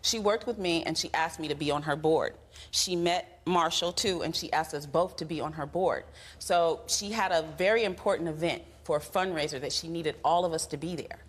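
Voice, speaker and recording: A woman's voice: low-pitched, normal speed. A woman on a TV court show, telling her side of a story with animation and acting out the voices in it. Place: TV studio courtroom.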